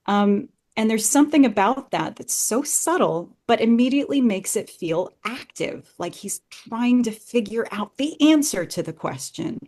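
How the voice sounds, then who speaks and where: A woman's voice: a little high, animated, moderate pace, hardly any pauses, a little mellow. A woman talking as a podcast guest, thinking aloud in an earnest, enthusiastic way as she analyses a text. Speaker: podcast guest discussing Shakespeare. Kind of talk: conversational analysis.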